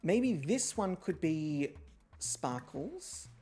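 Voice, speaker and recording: A woman hosting a livestream, chatting casually, swearing freely and poking fun at herself, with sudden loud excited outbursts. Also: low-pitched, extremely slow, soft background music. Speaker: streamer hosting an online reality show.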